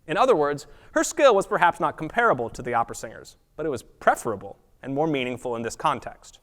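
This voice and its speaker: A man's voice: on the high side, sing-song, a bit bright. Man lecturing in an echoing hall. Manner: measured, reads prepared text with occasional self-corrections. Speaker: college lecturer. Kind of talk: academic lecture. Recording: long reverb of a lecture hall.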